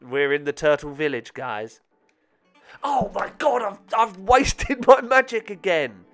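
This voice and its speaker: A man giving excitable, self-mocking let's-play commentary with frequent swearing. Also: sits high, a little slow, soft background music. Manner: excitable, swearing, laughing at himself. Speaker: gaming channel host.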